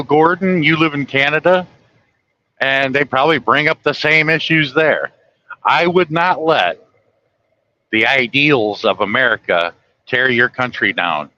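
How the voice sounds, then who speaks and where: Man, trucker, folksy rambling talk, bright edgy voice, dull lo-fi sound. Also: mid-range voice. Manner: chatty, folksy, opinionated. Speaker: truck driver livestreaming. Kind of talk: casual rambling talk to viewers. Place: truck cab on the highway.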